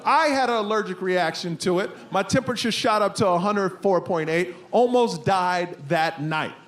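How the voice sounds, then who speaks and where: A man in his thirties doing an animated stand-up set on stage, telling a story with crude punchlines into a handheld mic. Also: high-pitched, moderate pace. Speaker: stand-up comedian. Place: comedy stage before an audience. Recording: live stage recording with background noise.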